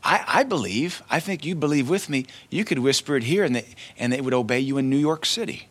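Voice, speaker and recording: A man preaching a sermon in an easy, conversational way. He slips into short acted quotes along the way, and his voice sits at an everyday middle pitch. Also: expressive, a little fast, breathy edge. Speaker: pastor.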